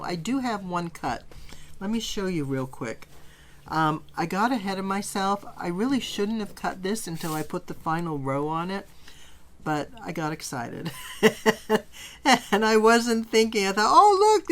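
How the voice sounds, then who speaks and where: A middle-aged woman giving a casual quilting tutorial, chatty and enthusiastic, gushing over her fabrics as she works. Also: on the low side. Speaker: quilting teacher.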